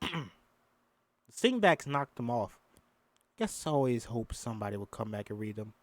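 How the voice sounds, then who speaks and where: A man's voice: medium pitch, sing-song, unhurried, dry recording. A man casually reading a film script aloud, adding profane asides and stumbling over words. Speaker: host. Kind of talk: casual script read-through with commentary.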